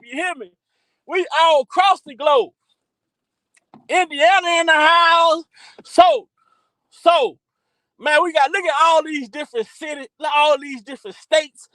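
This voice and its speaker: A man hosting a livestream, hyping up his chat with loud, repetitive shout-outs. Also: very high voice, measured pace, no room sound, poor audio. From Texas by way of Louisiana. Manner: hyped, repetitive, calls out to chat. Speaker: livestream host.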